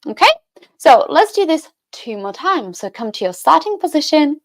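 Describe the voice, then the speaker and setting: A woman's voice: high-pitched, sing-song, normal speed. A woman teaching a chair burlesque fitness class, counting beats aloud with encouraging, sing-song cues. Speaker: dance fitness instructor.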